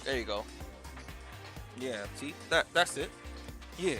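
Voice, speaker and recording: A man's voice: mid-range voice, lively intonation, slow, over music. A man playing a video game, reading the narration aloud and adding loose, joking asides. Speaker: gamer reading a visual novel. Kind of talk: let's play commentary and reading.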